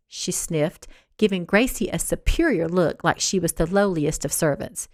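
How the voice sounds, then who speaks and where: A woman, the author, reading her novel aloud in an expressive, animated way. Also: fairly low pitch, moderate pace, no room sound, studio quality. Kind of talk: audiobook narration read aloud.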